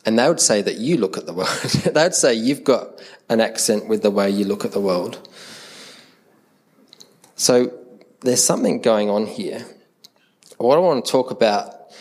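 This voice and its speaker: Animated Australian pastor preaching. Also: male voice, on the low side, breathy edge. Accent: Australian, Adelaide. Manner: conversational, animated, acts out quoted voices. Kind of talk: sermon.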